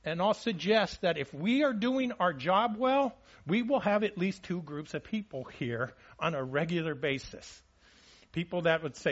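A man's voice: sits high, expressive, normal speed. A male pastor giving a conversational sermon at a church service, often restarting and repeating words and checking in with his listeners. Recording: dull lo-fi sermon recording.

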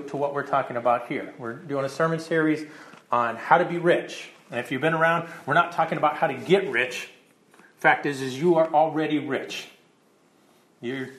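Middle-aged male pastor, casual storyteller with frequent restarts, echoey room. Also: a little high. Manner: casual storytelling, many repeated words and restarts. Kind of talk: sermon with personal story.

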